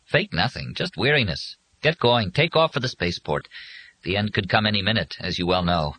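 A weary, stubborn man speaks with tired resignation, as a man reading an audiobook plays him. The voice is bright and moves widely in pitch. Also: lively intonation, fairly quick, slightly rough, exaggerated voice, low-quality recording. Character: weary stubborn man, adult, dry humor.

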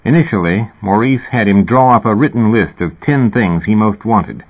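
Husky-voiced man narrating a novel. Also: fairly low pitch, moderate pace. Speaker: audiobook narrator. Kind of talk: scripted narration. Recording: tinny phone-like recording.

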